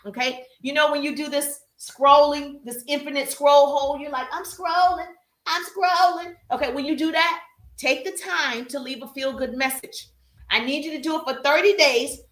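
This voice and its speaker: Woman live-stream coach, high bright voice, emphatic and repetitive, in an echoey room. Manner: emphatic, repetitive, calls viewers "baby" and "pretty people", acts out viewers' voices. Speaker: social media coach hosting a live stream. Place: livestream while working out.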